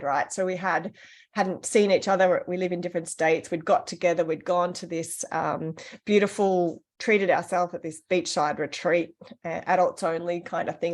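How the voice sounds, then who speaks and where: Woman telling a story. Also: fairly low pitch. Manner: animated, acts out the voices of people in her stories. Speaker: podcast co-host. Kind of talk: casual storytelling chat.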